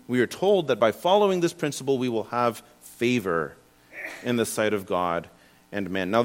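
Earnest young man teaching scripture. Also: mid-range voice. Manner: earnest, self-deprecating, with frequent restarts. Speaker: preacher. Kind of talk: informal Bible teaching.

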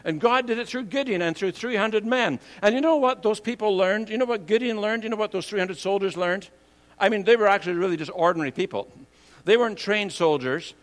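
An older man preaching a sermon, earnest and conversational, swinging from loud emphatic lines to quiet asides. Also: high voice, brisk.

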